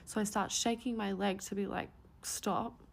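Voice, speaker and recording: A woman tells a storytime vlog, her voice carrying a gravelly fry at the ends of phrases. She retells events in a chatty, animated way, full of casual fillers. Her pitch sits in an ordinary middle range. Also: brisk.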